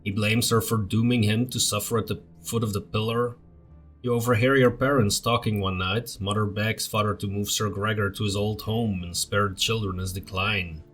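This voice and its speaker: A man's voice: lowish voice, steady tone, normal speed, a bit bright, soft background music. A man hosting a let's play, reading game text aloud dramatically with blunt casual asides.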